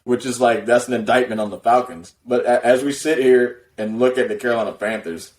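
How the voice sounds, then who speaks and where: A man's voice: mid-range voice, fairly even intonation, a little fast, darkish tone. A man co-hosting a podcast on a video call, talking sports in a laid-back, blunt, slangy way. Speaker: podcast co-host. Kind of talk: casual sports chat.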